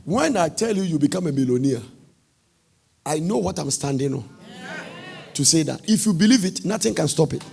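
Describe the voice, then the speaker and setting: A man with a Ghanaian accent preaching a sermon with fervor, shouting and half-singing his lines and swinging his pitch widely. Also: animated, normal speed, creaky, pauses often, a crowd in the background. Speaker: prophet preaching.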